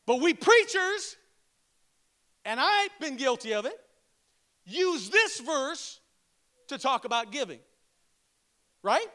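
Male pastor, sermon delivery: very high, bright, forceful voice; call-and-response, slow, stressed scripture reading. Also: big pitch swings. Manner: emphatic call-and-response preaching; slows and stresses each word when reading scripture.

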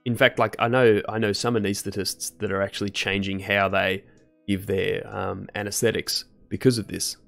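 A man's voice: on the low side, little pitch movement, moderate pace, gravelly, a bit bright, soft background music. A young man chatting casually with his live-stream chat while he studies medicine. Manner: casual, chatty, laid-back slang.

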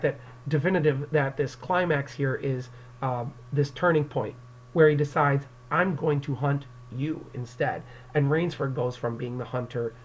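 A male English teacher records a lesson for his class, speaking into an external microphone. His voice sits a little high, and he explains each turn of the plot directly to the students. He breaks into the characters' lines as he reads them. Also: muffled recording. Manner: explanatory, addresses students directly, acts out quotes. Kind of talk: classroom lecture video.

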